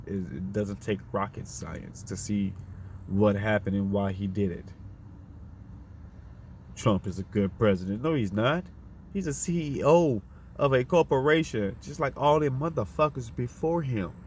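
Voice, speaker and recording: A man's voice: mid-range voice, darkish tone, slight background noise. A man delivering a fiery, profane, unscripted monologue, firing off rhetorical questions in a preachy tone.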